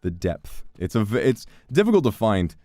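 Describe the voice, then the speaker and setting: A young man chatting casually with his chat, playful and swearing freely, with quick restarts. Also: fairly low pitch, wildly swooping pitch, warm tone, no room sound, soft background music. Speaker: streamer. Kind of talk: casual chat reading donations.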